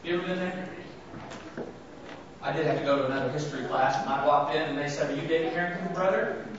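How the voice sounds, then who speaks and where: A man's voice: a little high, quick pace, background noise. A man preaching a sermon who keeps asking his congregation rhetorical questions and acts out the words of scripture with rising emphasis. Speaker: pastor. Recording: very echoey, distant, dull sound.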